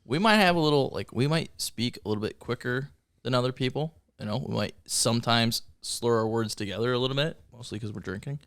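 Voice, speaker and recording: A man's voice: medium pitch, fairly quick, a bit bright, clean tone. A man from Michigan co-hosting a casual movie podcast, blunt and swearing freely as he rants playfully. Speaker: podcast co-host.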